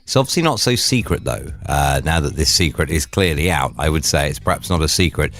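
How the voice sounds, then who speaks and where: A man's voice: very deep voice, animated, a little fast, a bit bright. A man hosting a drivetime radio show, chatting casually and cracking jokey asides.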